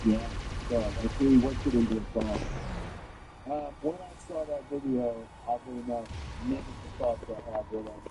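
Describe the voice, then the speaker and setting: A man's voice: medium pitch, animated, normal speed, background noise. Wry, profane man hosting a comedy show. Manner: wry, mock-serious, profane. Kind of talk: comic talk-show banter.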